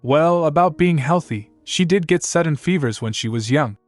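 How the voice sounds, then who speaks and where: A man's voice: fairly high pitch, expressive, moderate pace, no room sound, faint music behind, voice pushed up, natural voice. A man voicing a proud, stubborn old grandfather who groans and protests in a storybook recap. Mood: grudging.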